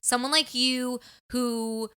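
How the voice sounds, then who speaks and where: A woman chatting casually on a talk show in a bright, clear voice. She teases her co-host and laughs easily. Her talk is relaxed and informal. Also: on the high side, takes it slowly. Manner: teasing, laughs often. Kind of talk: casual chat.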